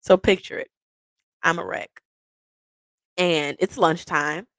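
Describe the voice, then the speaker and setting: Animated woman telling a personal story. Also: dry recording. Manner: animated, quick swings into high quoted voices; frequent laughs. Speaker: podcast host.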